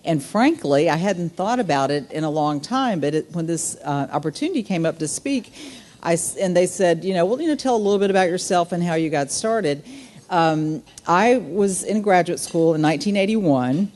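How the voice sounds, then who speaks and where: A woman's voice: fairly low pitch, lively intonation, moderate pace, a little mellow. A Southern woman in her fifties giving a luncheon keynote, telling stories with many fillers and asides. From Southern United States. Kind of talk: speech to a business audience.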